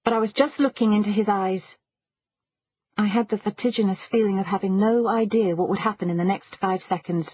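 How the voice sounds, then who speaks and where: Husky-voiced woman narrating an audiobook. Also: medium pitch, steady tone, no echo, highs cut off. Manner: measured storytelling. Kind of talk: first-person audiobook narration.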